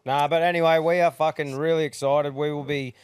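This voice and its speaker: Young Aussie co-host, upbeat and emphatic, dry close mic. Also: male voice, a little high, steady tone, a little fast, smooth, dry recording. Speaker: podcast co-host. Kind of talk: casual chat.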